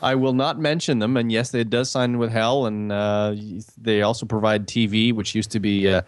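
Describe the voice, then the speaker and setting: A man's voice: on the low side, steady tone, normal speed, clear, resonant tone, no room sound. A man telling a story in a casual chat, acting out the quoted dialogue with animation.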